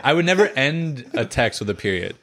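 A man's voice: mid-range voice, very animated, a little fast, fairly bright tone, slight background noise. A man hosting a casual podcast chat, laid-back, swearing casually and laughing often.

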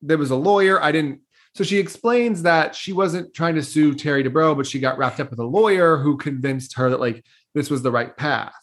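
A woman's voice: deep voice, normal speed, hardly any pauses. A woman co-hosting a casual podcast, walking through a TV episode's events with playful laughs. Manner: storytelling recap, frequent laughs, playful. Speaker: podcast co-host. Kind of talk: casual chat recapping a TV episode.

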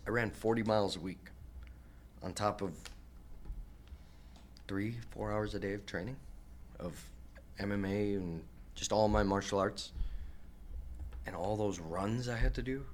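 A young professional fighter, a man, telling stories from his career in a casual podcast interview, animated and swearing, acting out the voices of the people he quotes. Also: fairly low pitch, unhurried, pauses often, slight background noise. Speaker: professional MMA fighter guest.

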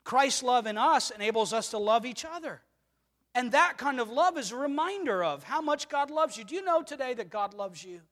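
Pastor, male, very high voice, earnest sermon delivery in a reverberant church sanctuary. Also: animated, normal speed, a bit bright. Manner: earnest preaching, rhetorical questions, swells and drops in volume. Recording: long reverb of a church hall.

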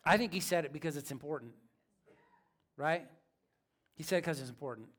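A man's voice: fairly high pitch, brisk. A man preaching a sermon as pastor, in a casual, joking, conversational way.

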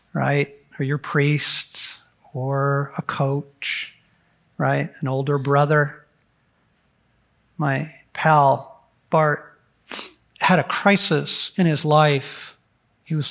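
A middle-aged man with a slightly raised voice speaks earnestly to a room of men. His delivery is animated and heartfelt. He sometimes drops into the voices of people in his stories. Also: a little high, creaky. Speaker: speaker at a men's conference. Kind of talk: heartfelt talk to a men's gathering.

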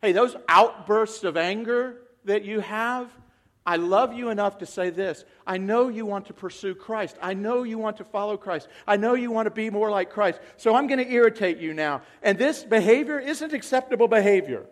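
A man preaching a sermon to his congregation in a conversational way, acting out quoted voices and swinging from hushed asides to loud emphasis. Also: high voice, normal speed. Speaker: pastor.

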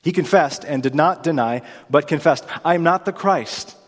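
A man's voice: on the high side, normal speed. Emphatic preacher man in a reverberant hall. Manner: emphatic, rising for quoted lines, occasional fillers. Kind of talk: sermon with scripture reading. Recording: long reverb of a large hall.

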